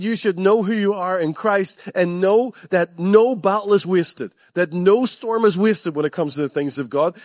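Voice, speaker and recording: Emphatic pastor preaching. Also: male voice, a little high, darkish tone, no echo, clean studio sound. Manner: emphatic, repeats phrases, laughs often. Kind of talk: sermon.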